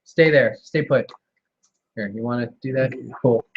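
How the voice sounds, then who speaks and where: Medium-pitched and unhurried, this man hosts a live wrestling radio show, chatting casually with a guest in an easygoing way. He laughs often, keeps things moving, and wraps up segments. The recording is muffled with a little hiss or hum.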